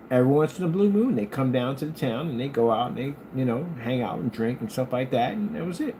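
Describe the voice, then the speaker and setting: A man hosting his own channel, talking in a casual rambling monologue and jumping up high when he quotes people. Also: a little hiss or hum. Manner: animated storyteller, jumps high for quoted lines; scolding, talks straight to a critic. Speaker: channel host.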